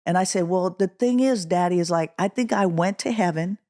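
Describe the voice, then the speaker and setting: A middle-aged woman from Oakland, California, a guest musician telling a story in an interview, acting out the quotes with a rising voice. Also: fairly quick. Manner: animated, acts out quotes with rising pitch.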